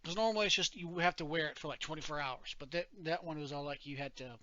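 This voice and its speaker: Man, podcast co-host, chatty and rambling; bright voice, dull lo-fi sound. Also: fairly high pitch, fast talker. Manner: rambling, laughs often, many restarts. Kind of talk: casual chat.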